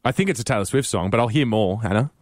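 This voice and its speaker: A man's voice: on the low side, fast talker, faint music behind. A man co-hosting a radio show in casual banter, playful and self-mocking, laughing often, on a studio microphone. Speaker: radio co-host.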